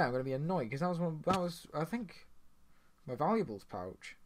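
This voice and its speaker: A man's voice: a little high, very animated, moderate pace, a little hiss or hum. A young man casually commenting on his own game as he plays, chatty and rambling, with sudden surprised outbursts. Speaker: gaming channel host. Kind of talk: casual let's-play commentary.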